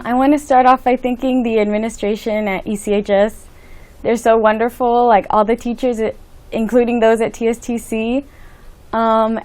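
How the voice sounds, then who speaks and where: A teenage girl speaks softly in an interview, full of "um" and "like" as she gushes her thanks. Her voice sits at a middle pitch. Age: late teens. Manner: soft-spoken, gushing thanks with many fillers. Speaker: graduating student. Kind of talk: interview answers.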